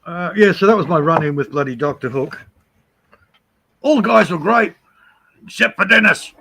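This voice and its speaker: A man's voice: a little high, expressive, normal speed, creaky, pushed and bright, husky. A middle-aged man with an Australian accent, telling long rambling stories at home and swearing freely on a live stream. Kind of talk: casual storytelling.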